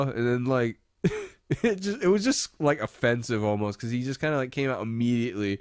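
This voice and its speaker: A man's voice: medium pitch, lively intonation, a little fast, clear, resonant tone, dry recording, studio quality. A man co-hosting a comedic talk show, laughing often and chiming in with short reactions. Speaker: radio show co-host. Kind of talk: casual comedic banter.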